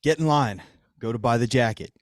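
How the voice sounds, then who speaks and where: A man's voice: mid-range voice, fairly quick, no room sound, clean studio sound. A man co-hosting a comedy podcast, telling a long story in casual, profane banter. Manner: profane, joking, acts out others in his stories. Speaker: podcast co-host.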